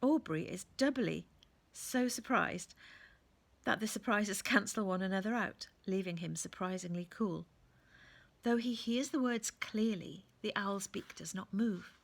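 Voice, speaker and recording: Gravelly, husky woman reading a storybook. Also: mid-range voice, a little slow. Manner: gentle, hushed storytelling. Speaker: reader of a children's book. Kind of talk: storybook reading, often hushed.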